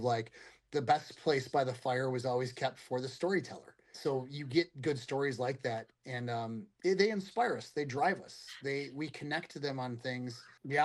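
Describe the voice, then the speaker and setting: A man chatting as a guest actor, rambling with many restarts and acting out quotes in voices. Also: medium pitch. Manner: lively, acts out quotes in voices. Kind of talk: casual chat.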